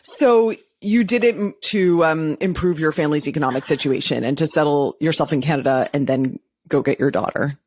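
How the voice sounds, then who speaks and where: A woman's voice: deep voice, brisk, a little mellow, no room sound. A woman hosting a podcast interview, enthusiastic and casual in her questions. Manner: enthusiastic, casual, uses fillers. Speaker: podcast host. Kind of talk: interview conversation.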